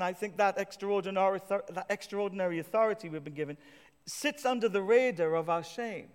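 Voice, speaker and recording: A male pastor preaching a sermon, telling a personal story with self-deprecating humor and building to emphatic declarations. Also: high-pitched. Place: church. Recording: reverberant church hall.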